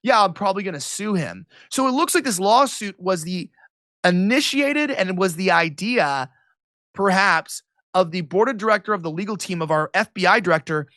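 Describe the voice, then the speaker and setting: A man being interviewed about politics, his voice pitched high for a man and cutting with a bright, forceful edge. He talks fast and sarcastically, with a mocking tone. The sound is dry and close, with no room around it. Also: no room sound. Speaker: political commentator, interview guest. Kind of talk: animated interview talk.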